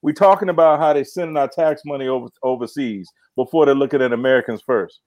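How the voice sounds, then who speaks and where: A man's voice: mid-range voice, fast talker, darkish tone. A man co-hosting a podcast, making an earnest political argument. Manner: agreeing interjections, then earnest argument. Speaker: podcast co-host. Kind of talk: political commentary.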